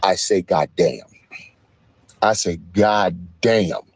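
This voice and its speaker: A man with a low voice mocks the news, breaking into sing-song impressions of quotes. He keeps a casual, joking manner. The recording is dry and close. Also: slow, breathy edge, dry recording. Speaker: commentator. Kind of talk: casual commentary.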